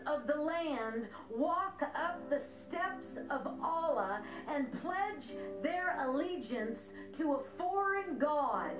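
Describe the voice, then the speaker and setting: A woman minister unhurriedly recounts a prophetic dream, her voice high and swooping. She speaks solemnly and repeats key lines for emphasis. An echoey room carries her voice over clear music.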